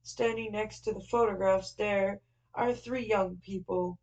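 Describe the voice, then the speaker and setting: A woman's voice: medium pitch, fairly even intonation, a little slow, a little mellow, highs cut off, lightly acted. A woman reading a novel aloud, voicing an earnest, flustered young man who explains things at length. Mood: explaining eagerly.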